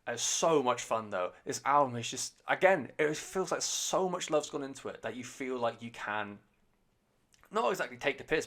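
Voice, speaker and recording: A man's voice: medium pitch, bright, forceful tone. A man hosting a podcast, giving a casual, rambling album review full of swearing, fillers and restarts. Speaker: podcast host, music reviewer.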